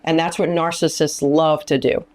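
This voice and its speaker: A middle-aged woman with a somewhat low voice teaches with emphasis, repeating key phrases. She speaks as a ministry founder and often acts out the lines she quotes. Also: flat delivery, moderate pace, a little mellow. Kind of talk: teaching talk in an interview.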